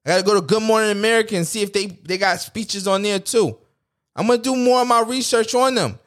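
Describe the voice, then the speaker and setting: A man's voice: sits high, fast. A man, hosting a podcast in a blunt, profane, rambling rant. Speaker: podcast host. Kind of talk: casual political rant.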